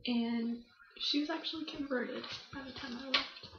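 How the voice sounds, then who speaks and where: A woman's voice: high voice, normal speed, very noisy. A young woman telling a story in a casual interview, chatty and laughing often, with plenty of fillers. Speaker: guest. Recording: roomy, muffled recording.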